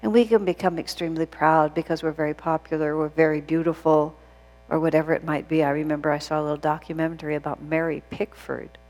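A woman with a fairly low voice gives a spiritual class lecture. She tells stories earnestly, often pausing on fillers and restarting her sentences. The sound carries a long reverb, as in a large hall. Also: level tone, darkish tone. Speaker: spiritual teacher.

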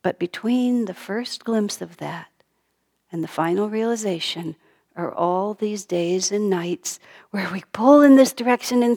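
A middle-aged woman giving a sermon, speaking gently and dropping to a soft whisper on key lines. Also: medium pitch, expressive, a little slow. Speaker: spiritual teacher.

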